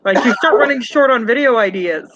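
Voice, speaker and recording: A man's voice: very high-pitched, expressive, fairly quick, a bit bright, dry recording. A man chatting casually as a guest on a livestream, easygoing with trailing phrases. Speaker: panel guest. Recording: dull, dry lo-fi stream audio.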